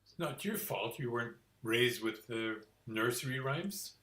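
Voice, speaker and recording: A man performing in an improv comedy scene, offering dry, halting suggestions. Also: medium pitch, expressive, bright, forceful tone.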